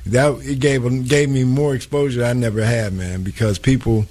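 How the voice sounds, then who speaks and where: A man's voice: mid-range voice, steady tone, moderate pace, darkish tone. A man who is a guest and former pro basketball player, talking in a laid-back, slangy way and telling stories as he goes. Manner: laid-back, slangy, "you know what I'm saying". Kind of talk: casual interview chat.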